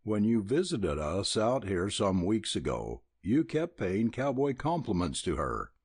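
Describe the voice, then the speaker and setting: A man's voice: fairly low pitch, sing-song, unhurried, darkish tone, dry recording, clean studio sound, full character voice. A man voicing a blunt, curt middle-aged rancher and father. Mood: gruff. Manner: gruff, curt.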